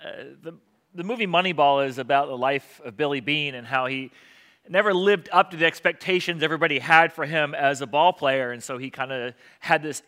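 A male pastor giving a conversational sermon, often pausing with fillers. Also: on the high side, bright, forceful tone. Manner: conversational preaching with many fillers.

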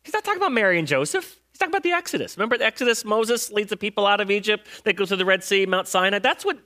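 High bright-voiced male preacher. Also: expressive, very fast. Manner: conversational, quizzing listeners with rhetorical questions; retells Bible stories in casual slang. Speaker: pastor. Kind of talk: sermon.

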